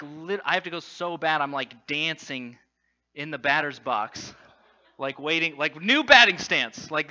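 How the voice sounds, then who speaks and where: Man, speaker at a gathering, humorous personal story, fillers, sharp bright tone, muffled lo-fi sound. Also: on the high side. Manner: animated storytelling, self-deprecating, many fillers.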